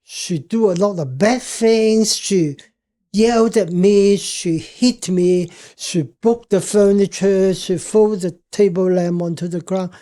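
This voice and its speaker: An older man as a podcast guest, telling a personal story in a halting way, searching for words. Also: high voice, warm tone.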